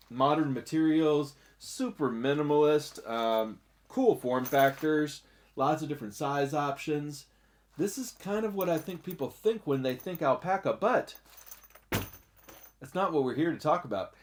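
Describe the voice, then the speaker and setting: A man hosting a one-take bag review, talking in an energetic, jokey and chatty way. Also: a little high. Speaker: host of a bag review channel.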